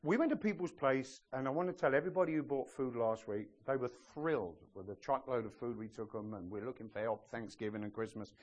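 A man's voice: medium pitch, brisk, few pauses, dull audio. A man preaching a sermon as pastor of a church, in a humorous, emphatic style. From outside the US.

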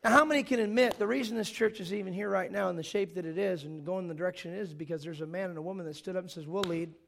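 A man preaching a sermon in a church, telling stories with jokes in an animated way. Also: high-pitched, rapid-fire, vocal fry.

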